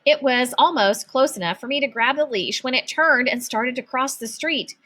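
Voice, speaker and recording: A woman narrating a children's book aloud in an expressive storytelling manner. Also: sits high, normal speed. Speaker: audiobook narrator.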